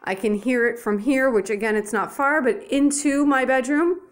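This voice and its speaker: Holding her phone in her apartment, this young woman vents to the camera in a high voice at normal speed. Her angry rant is blunt, profane and exasperated.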